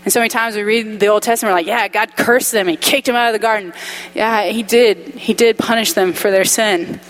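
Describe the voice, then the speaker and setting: A woman's voice: mid-range voice, steady tone, a little fast. A young adult woman preaching a sermon, telling a personal story with candid humor.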